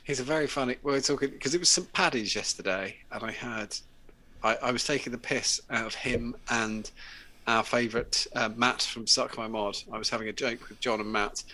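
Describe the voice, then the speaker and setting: Give me a sweary, chatty man in his late thirties hosting a live show, with a bright, forceful voice. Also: medium pitch, moderate pace. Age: late 30s. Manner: sweary, chatty, laughs often. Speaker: host. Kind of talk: casual live chat show.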